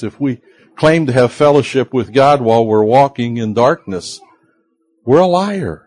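A man preaching a sermon in a slow, earnest way, sometimes rising sharply in pitch and loudness for emphasis. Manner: acts out quoted voices of listeners. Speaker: pastor.

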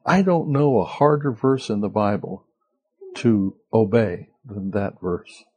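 A man's voice: fairly low pitch, unhurried, a little mellow. A man preaching a conversational sermon as pastor, asking the listeners rhetorical questions.

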